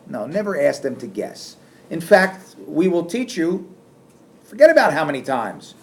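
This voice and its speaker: A middle-aged man giving a classroom lecture, animated and acting out sarcastic lines as examples. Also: a little high, moderate pace, creaky. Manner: animated, acts out sarcastic quotes. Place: lecture room.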